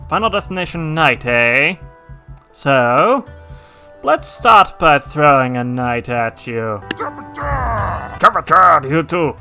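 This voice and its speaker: A man commenting casually on a strategy game he is playing, mostly reserved and dry, with sudden excited shouts during battles. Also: on the high side. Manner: dry, self-described reserved, bursts into excited yelling at battles; talks to his game units by name. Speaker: gameplay commentator.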